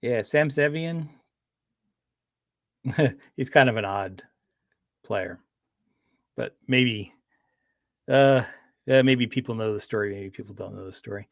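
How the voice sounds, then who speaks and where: A man's voice: mid-range voice, slow, vocal fry, long pauses, no room sound, studio quality. A man chatting casually on a livestream, rambling with frequent restarts and fillers. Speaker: streamer.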